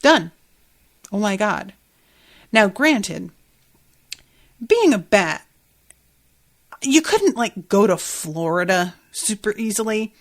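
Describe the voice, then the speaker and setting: A woman's voice: medium pitch, lively intonation, takes it slowly, pauses often. A woman hosting a podcast, recapping a TV episode in a chatty, profane way and laughing often. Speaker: podcast host.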